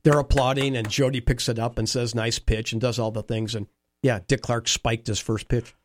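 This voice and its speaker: A man telling animated anecdotes in a conversation, acting out quoted dialogue. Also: mid-range voice, normal speed, dry recording, studio quality. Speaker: interview guest, former baseball team staffer. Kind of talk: storytelling conversation.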